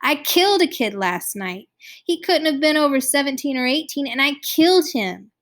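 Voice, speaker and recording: A woman's voice: a little high, normal speed, voice pushed up, natural voice. A woman voicing a scared, guilt-ridden teenage boy who talks in a quavering, pleading way. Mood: distressed.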